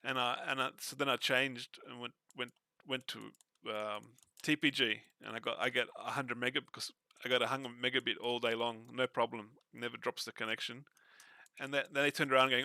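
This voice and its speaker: Swearing man, bright dry voice. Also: mid-range voice, fairly quick, dry recording. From Australia. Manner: animated, swearing, repeats and restarts words. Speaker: streamer. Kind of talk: casual chat.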